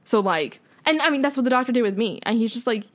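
A woman's voice: a little high, racing. A woman co-hosting a podcast in casual chat, talking candidly and with feeling, swearing freely. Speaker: podcast co-host.

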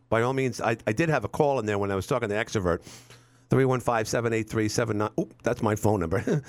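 A man's voice: on the low side, quick pace, no echo. A man in his fifties hosting a talk radio show, rambling wryly and repeating words as he chats. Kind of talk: casual talk radio monologue. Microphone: studio microphone.

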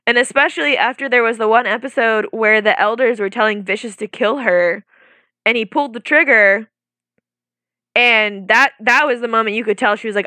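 A woman's voice: fairly high pitch, a little fast, pushed and bright, dry recording. A young woman in casual chat who lays out her points at length, with plenty of "like" fillers. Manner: talkative, reasoned, lots of "like" fillers.

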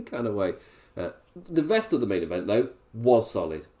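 A man's voice: mid-range voice, lively intonation, fairly quick, mellow. A man giving a rambling, casual live review, laughing often. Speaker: wrestling reviewer, livestream host.

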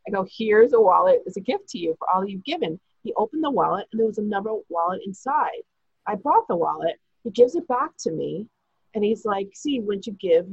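A woman recounts a long personal story in a rambling, breathless way, slipping into the voices of the people she quotes. Her voice is husky, and the recording is dry and a little dull, with no room sound. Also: mid-range voice, no echo. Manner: chatty, breathless retelling with quoted dialogue. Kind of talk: casual storytelling.

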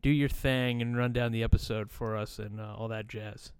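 A man's voice: mid-range voice, fairly even intonation, moderate pace, clean tone, no echo. A man hosting a podcast over a video call, rambling with many fillers and frequent swearing. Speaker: podcast host.

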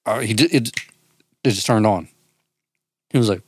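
A man's voice: on the low side, fairly quick, long pauses, darkish tone, dry recording. A man in his thirties co-hosting a podcast, talking in a casual, profane way, with laughs and restarts. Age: 30s. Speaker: podcast co-host. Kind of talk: casual chat.

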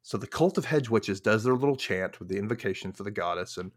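A man's voice: lowish voice, expressive, fast. A man hosting a podcast, recapping a TV episode in casual chat, full of fillers, who acts out the characters' lines. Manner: chatty, many fillers, acts out quotes. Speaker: podcast host.

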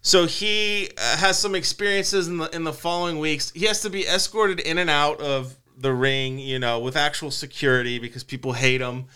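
A man hosting a casual podcast, telling a story in an animated way, laughing and acting out quotes. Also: on the high side, moderate pace, few pauses, clear, resonant tone. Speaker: podcast host.

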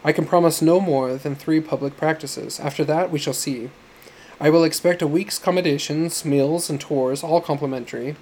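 A man's voice: on the high side, fairly even intonation, moderate pace, a little mellow, close to an everyday voice. Man doing a haughty, bored musician. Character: haughty male musician posing as a star.

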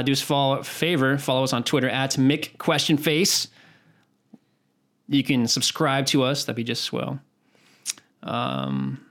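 A man's voice: medium pitch, a bit bright. Swearing, joking male podcast co-host. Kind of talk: casual podcast banter.

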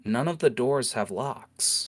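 A man's voice: fairly high pitch, big pitch swings, normal speed, fairly bright tone, pitched above the performer's own voice. A man voicing a blunt, scolding female lieutenant in armor. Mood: quiet. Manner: scolding, commanding.

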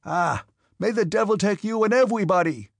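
A man's voice: mid-range voice, sing-song, slow pace, a little mellow, breathy edge, dry recording, studio quality, exaggerated voice. A man voicing Denisov, a bellowing hot-tempered hussar. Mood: furious. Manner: bellowing, furious. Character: hot-tempered hussar officer with a burr, middle-aged man.

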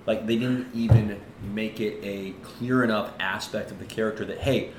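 Low-voiced male co-host, easygoing chat, roomy echo and noisy background. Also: fairly even intonation, moderate pace, darkish tone. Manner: laid-back, prompting and agreeing. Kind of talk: casual movie chat. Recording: echoey room with noise.

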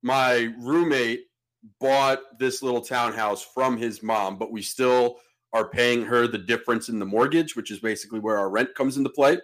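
Guy on a podcast telling a wild story, casual and animated, acts out the voices. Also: medium pitch, normal speed. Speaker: podcast host.

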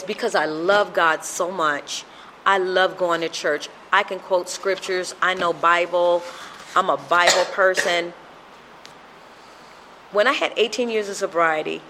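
A woman's voice: lowish voice, a bit bright, a little hiss or hum. A middle-aged woman telling her recovery story at a meeting, emotional and repetitive in her storytelling.

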